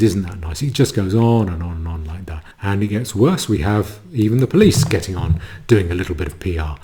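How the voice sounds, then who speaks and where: Man, commentator, dark mellow low voice, sardonic asides, halting restarts. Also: animated. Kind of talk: monologue commentary.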